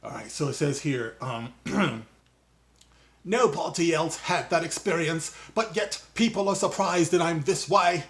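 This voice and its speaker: A man hosting his own video commentary channel, talking in a loose, mocking way with quick asides and jokes. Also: on the high side, fairly bright tone. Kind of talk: casual opinion monologue.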